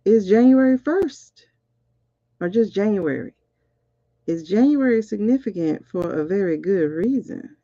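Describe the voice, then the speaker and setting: Excitable woman spiritual reader, lively pitch. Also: unhurried, no echo, lo-fi sound. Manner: excitable, keeps repeating "hold on". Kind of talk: casual livestream card reading.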